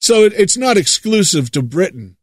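A man from the United States delivers a preaching monologue in a fairly high voice, stretching his stressed words and repeating them to drive a point home. The sound is dry and close, with no room around it. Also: sing-song, slightly rough, no echo. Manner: emphatic, drawn-out stresses, repeats words for effect.

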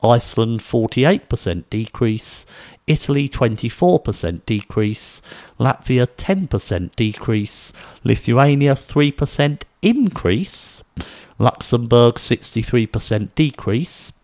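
A man methodically reading out a list of figures and then giving his own speculative commentary, in a steady, measured way. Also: mid-range voice, dry recording. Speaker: video commentator.

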